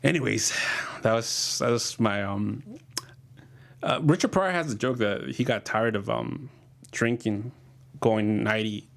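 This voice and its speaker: A man's voice: fairly low pitch, measured pace, vocal fry, long pauses. A comedian casually telling rambling, profane stories about his past and often laughing as he talks.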